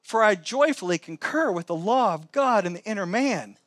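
Male pastor, sermon, high-pitched voice, dry close sound, animated, shifts between loud and quiet. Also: moderate pace, dry recording. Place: church sanctuary.

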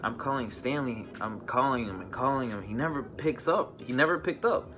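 A man's voice: mid-range voice, moderate pace, sharp tone, faint music behind. A young man telling a casual storytime vlog, rambling with many fillers and restarts. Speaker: vlogger.

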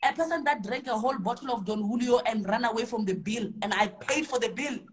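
A woman's voice: on the high side, a little fast, a little hiss or hum. Angry ranting woman. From South Africa. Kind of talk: heated casual chat.

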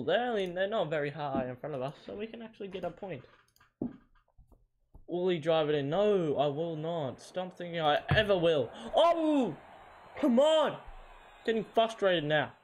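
A young man giving casual commentary while playing a football video game, often frustrated and yelping at missed shots. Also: fairly high pitch. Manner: frustrated, yelps and groans at misses. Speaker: gamer.

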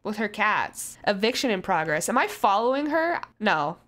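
A young woman giving casual, chatty commentary over her life-simulation gameplay, self-mocking and loudly surprised at twists. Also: mid-range voice, sing-song, moderate pace. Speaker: gaming YouTuber.

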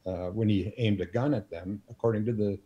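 An older man in his sixties speaks as an interview guest. His voice is mellow and relaxed as he spins long anecdotes at an easy pace, with many ums and you-knows along the way. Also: fairly low pitch, highs cut off. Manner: unhurried anecdotal telling with frequent fillers. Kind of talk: storytelling in a casual interview.

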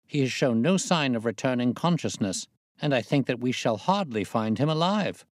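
A man narrating a classic story aloud in a steady, measured reading voice. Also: mid-range voice, dry recording, studio quality.

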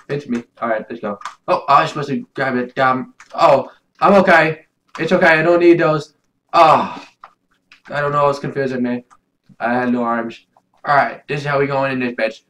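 A young man giving loud, swearing let's play commentary, swinging between shouts and mumbles. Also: mid-range voice, poor audio. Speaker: gaming YouTuber.

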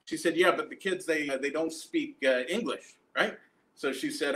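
A young man with a Canadian accent doing a stand-up set from home, telling a long story with deadpan asides and frequent tag questions. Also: on the high side, normal speed. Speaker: stand-up comedian.

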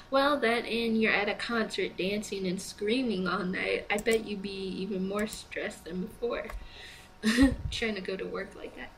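A woman's voice: medium pitch, a little hiss or hum, low-quality recording. A young woman playing a choice-based game, reading the prompts aloud and chatting through her decisions, sleepy and yawning. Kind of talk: let's play commentary.

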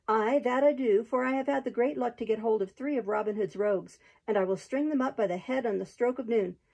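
A woman's voice: on the high side, a little fast, gravelly, a little mellow, husky. A woman doing a growling, surly sheriff. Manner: growling and impatient. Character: surly, greedy male sheriff, harsh and scornful.

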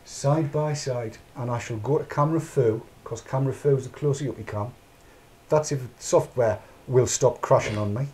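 A man's voice: medium pitch, brisk, darkish tone. A middle-aged man hosts a casual chat, rambling along in a mid-range voice. He talks off the cuff and narrates his own actions aloud as he goes. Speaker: podcast host.

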